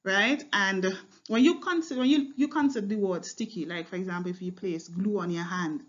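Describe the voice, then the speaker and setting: A woman's voice: mid-range voice, brisk, highs cut off. Woman explaining a poem, thinking aloud. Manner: explanatory, repeats words with fillers and checks with "right?" and "okay?". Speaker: teacher. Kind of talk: line-by-line poetry analysis lesson.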